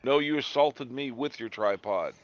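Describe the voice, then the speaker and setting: A man's voice: mid-range voice, moderate pace. A man co-hosting a casual commentary chat, making dry, sarcastic asides. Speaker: co-host. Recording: dull lo-fi sound.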